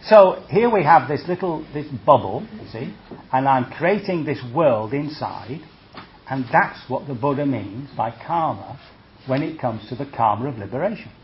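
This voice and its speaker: A man's voice: medium pitch, normal speed, muffled recording, slight background noise. A man, a Buddhist monk, giving a conversational dharma talk, checking in with his listeners and acting out reactions with humor. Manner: conversational, checks in with "see?" and "okay?"; lively, acts out reactions with humor.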